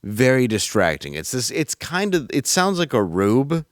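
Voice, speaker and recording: A man's voice: medium pitch, very animated, normal speed, no room sound, studio quality. A man from Michigan co-hosting a casual podcast chat, with a wry, sardonic way of talking. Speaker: co-host.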